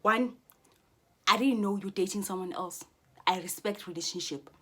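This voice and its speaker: A woman's voice: mid-range voice, normal speed, breathy edge. Heated, profane woman ranting at viewers. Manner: heated, swearing, repeats and restarts phrases. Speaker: vlogger. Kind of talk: profane angry monologue to viewers.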